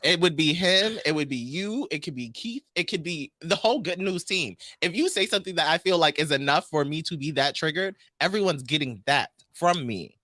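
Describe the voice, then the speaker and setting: A man from Queens co-hosting a casual podcast, talking in an animated, profane way and reading news stories aloud. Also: fairly high pitch, a little fast, few pauses, dry recording, clean studio sound. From Queens, New York. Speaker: podcast co-host. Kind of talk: casual chat.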